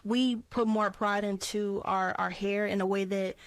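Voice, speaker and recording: A woman's voice: mid-range voice, unhurried, smooth, no echo. A young woman from Chicago with a Chicago accent, chatting casually and slangily as an interview guest. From Chicago, USA. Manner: relaxed, slangy, laughs easily.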